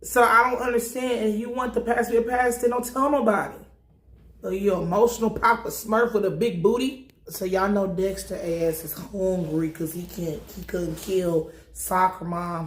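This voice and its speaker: A woman casually recapping a TV episode, animated and profane, often acting out the characters' lines. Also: fairly low pitch, echoey room.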